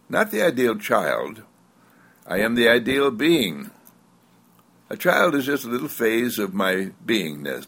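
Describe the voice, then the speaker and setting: Gravelly lively-voiced male spiritual speaker. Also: on the low side. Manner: slow drawn-out emphasis, playful asides. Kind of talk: inspirational spiritual talk.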